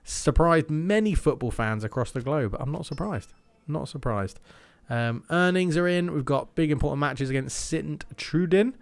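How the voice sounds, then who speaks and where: A man's voice: fairly high pitch, lively intonation, moderate pace, creaky, hardly any pauses. A young man giving casual gameplay commentary, thinking aloud and slipping into mock match commentary. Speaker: gaming YouTuber.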